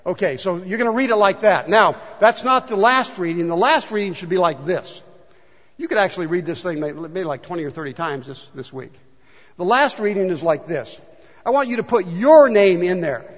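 A male pastor preaching a conversational sermon in a church, asking the congregation questions and leading a prayer. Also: sits high. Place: church sanctuary. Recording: dull sound with long hall reverb.

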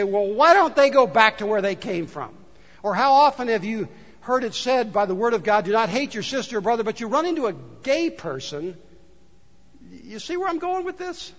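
A male pastor preaching a sermon in a church, talking with the congregation and asking them rhetorical questions. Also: high voice. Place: church sanctuary. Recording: dull recording in a large reverberant hall.

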